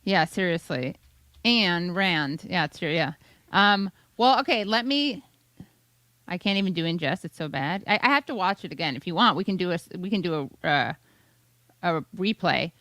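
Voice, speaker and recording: A woman's voice: on the low side, expressive, a bit bright, dry recording. Sardonic woman hosting a chat. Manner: sardonic, swearing, quick asides. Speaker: host. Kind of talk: casual chat.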